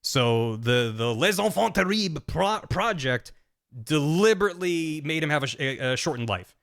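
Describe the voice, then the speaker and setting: A man's voice: a little high, expressive, normal speed, creaky, a bit bright. Chatty man rambling through a game plot. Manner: chatty, rambling, lots of fillers and restarts. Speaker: streamer explaining a game plot. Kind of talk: casual retelling with acted-out quotes.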